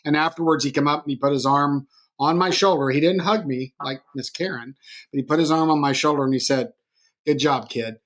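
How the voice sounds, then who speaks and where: A middle-aged man hosting a podcast interview, telling stories in a rambling, animated way full of restarts. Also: fairly high pitch, a little fast. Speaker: podcast host. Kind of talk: conversational interview.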